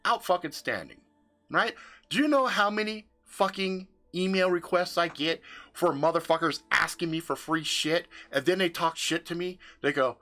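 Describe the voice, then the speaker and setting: A man's voice: a little high, moderate pace, bright, forceful tone. A man venting on his livestream in a room full of his gear, casual and profane, with emphatic swearing. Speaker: livestream host.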